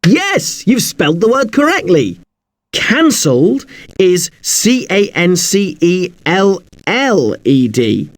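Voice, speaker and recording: Lively high-voiced man teaching spelling. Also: takes it slowly, no echo. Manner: polite and apologetic, spells words out letter by letter. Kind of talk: scripted spelling lesson.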